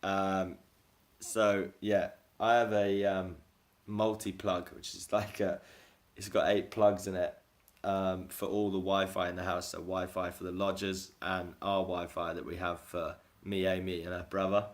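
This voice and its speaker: A man with a very low voice chats loosely into his phone for a daily video diary. He rambles from story to story, laughing at himself as he goes. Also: flat delivery, unhurried. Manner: rambling, self-deprecating, laughs often. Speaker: vlogger.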